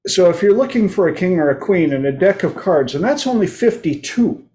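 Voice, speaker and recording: A man's voice: high-pitched, lively intonation, brisk, dark tone. A man hosting his own talk show, speaking in a loose, playful monologue and acting out quoted voices now and then. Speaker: host. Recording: roomy echo.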